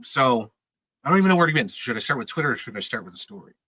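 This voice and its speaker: A man's voice: medium pitch, sing-song, racing, pushed and bright, husky, no echo, poor audio. A man in his thirties telling casual, rambling stories on a podcast, laughing often and swearing freely. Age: 30s. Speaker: podcast regular. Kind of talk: casual storytelling chat.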